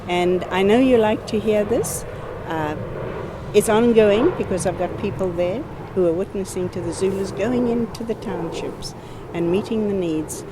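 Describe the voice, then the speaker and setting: A woman's voice: mid-range voice, normal speed, noisy background. An older woman from Africa, giving an earnest, heartfelt missionary update and repeating her thanks. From South Africa. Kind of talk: personal ministry update.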